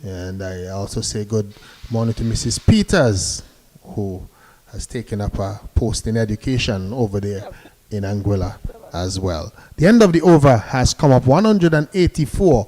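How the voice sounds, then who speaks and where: Mellow-voiced male cricket commentator. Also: lowish voice, expressive, normal speed. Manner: chatty, sends greetings to listeners between balls.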